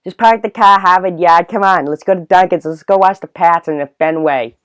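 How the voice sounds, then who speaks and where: A man putting on a loud Boston sports fan. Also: high voice, a little fast, clean tone, pitched above the performer's own voice. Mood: rowdy, eager. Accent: put-on Boston. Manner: loud, pushy, brash. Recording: dull, dry, lo-fi recording.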